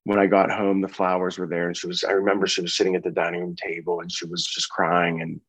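A man in his thirties telling a personal story with earnest, halting speech full of restarts and fillers. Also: low-pitched, monotone, slightly rough, no room sound. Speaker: interview guest sharing a personal story.

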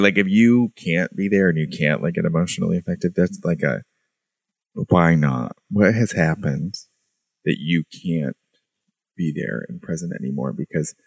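A man co-hosting a nursing podcast, talking in animated, reflective casual chat and acting out his inner thoughts. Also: deep voice, creaky, husky, dry recording. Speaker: nurse podcast co-host.

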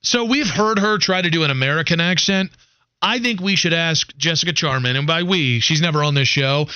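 A man hosting a sports radio show, talking in loose, teasing banter that wanders and pokes fun at himself. His voice sits high and sounds bright and forward. The sound is dry and a bit dull, like a lo-fi radio broadcast. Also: a little fast, clean tone, no echo. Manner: joking, rambling, self-deprecating.

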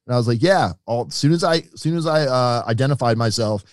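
As an interview guest on a podcast, a middle-aged man tells his own story with animation and acts out the voices he quotes. He's a fast talker with a mid-range voice. The recording is dry and of studio quality.

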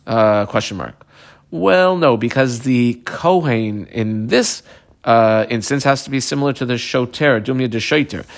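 A man teaching a Talmud class, translating terms one by one and telling students what to underline, with frequent pauses and fillers. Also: medium pitch, gravelly. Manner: translates terms one by one, marks the text aloud. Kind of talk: line-by-line text study class.

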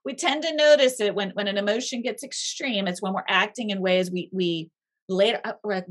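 Thoughtful woman guest explaining ideas. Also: fairly quick. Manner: thoughtful, explanatory, lively pitch swings for emphasis. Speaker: guest author. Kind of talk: faith-based conversational interview.

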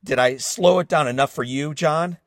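A man's voice: mid-range voice, animated, creaky, husky, no echo, clean studio sound. A man playing a grumpy, sarcastic male financial advisor on the phone, stretching out his words to mock. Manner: mocking, drawn-out and slowed for emphasis.

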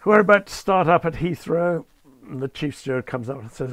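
A man's voice: a little high, lively intonation, brisk, no echo. Older man telling dry anecdotes. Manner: dry understatement, acts out the people he quotes. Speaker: former airline captain, guest. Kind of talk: anecdotal storytelling in conversation.

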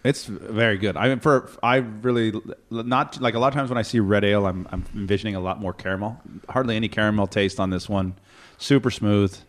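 A man's voice: fairly low pitch, brisk. A man co-hosting a casual beer podcast, chatty and friendly, often restarting his sentences. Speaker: podcast co-host.

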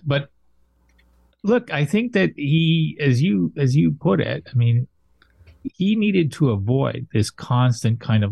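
A man talking through politics in a measured, thoughtful way, pausing on fillers as he builds his point. His voice sits at an ordinary middle pitch. The sound is dry and close. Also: very animated, vocal fry, a little mellow, dry recording, dull audio. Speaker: political analyst. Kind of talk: casual political commentary.

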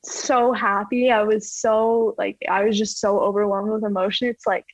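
A woman's voice: mid-range voice, flat delivery, normal speed, no room sound, rough recording. A young woman from Canada, a ski jumper, chatting casually in an interview and filling her talk with "like". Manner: chatty, fills speech with "like".

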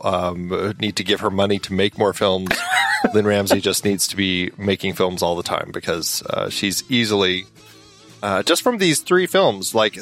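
A man co-hosting a film podcast, talking in a relaxed, easygoing way. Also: lowish voice. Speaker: podcast co-host. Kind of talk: casual film podcast chat.

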